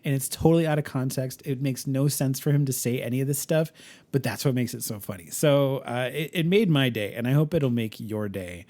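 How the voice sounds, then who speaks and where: A man's voice: mid-range voice, brisk, darkish tone. A man co-hosting a podcast in casual chat, enthusiastic, laughing often and stumbling over fillers and restarts. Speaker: podcast co-host.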